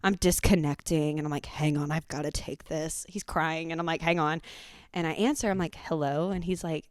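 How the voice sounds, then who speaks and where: A woman, hosting a podcast and telling a profane, animated story in casual chat. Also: on the low side, normal speed, clear, resonant tone, dry recording, studio quality. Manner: animated, profane, acts out quotes. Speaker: podcast host.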